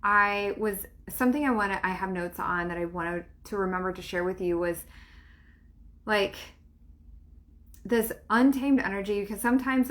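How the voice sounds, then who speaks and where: A middle-aged woman, a spiritual coach and podcast host, talking casually to listeners in a rambling way, with many fillers, frequent laughs and casual swearing. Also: medium pitch.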